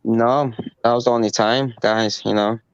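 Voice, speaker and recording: A man's voice: mid-range voice, fairly even intonation, moderate pace, clear, resonant tone, no room sound, lo-fi sound. A man chatting as a guest on a livestream, eager and rambling, repeating "you know" often. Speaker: chat guest. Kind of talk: casual group chat.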